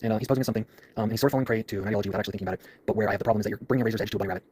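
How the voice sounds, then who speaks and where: A man ranting fast to camera in an intense, swearing, preachy way. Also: on the low side, a little mellow, slight background noise. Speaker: online video creator.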